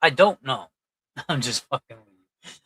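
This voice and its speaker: A man's voice: medium pitch, animated, moderate pace, a bit bright, husky, no echo, low-quality recording. A man hosting a casual livestream, reading out and thanking chat donors in a loose, chatty way. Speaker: livestream host.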